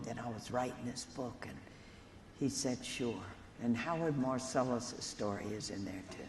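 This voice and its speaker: Her voice very deep and a little mellow, a nun presents an earnest keynote full of storytelling, speaking directly to the lawyers in her conference audience. The recording has an echoey hall sound and faint room noise.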